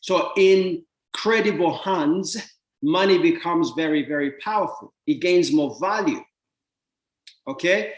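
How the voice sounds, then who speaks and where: A man giving an animated motivational talk about money, often repeating words and acting out little exchanges with other people. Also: on the high side, unhurried, reverberant, rough recording. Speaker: speaker teaching about money.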